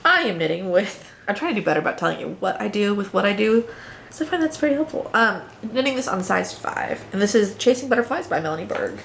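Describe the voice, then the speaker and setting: A woman's voice: medium pitch, sing-song, quick pace, creaky, fairly bright tone, slight background noise. A woman hosting a knitting and spinning podcast, chatting casually and playfully as she shows her projects to viewers. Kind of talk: casual show-and-tell chat.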